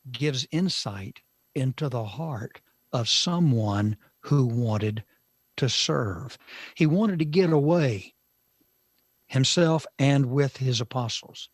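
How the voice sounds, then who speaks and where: Slow, emphatic male Bible teacher. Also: medium pitch, no room sound. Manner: slow, emphatic, with dramatic pauses and shifts in loudness. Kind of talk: Bible teaching on a talk show.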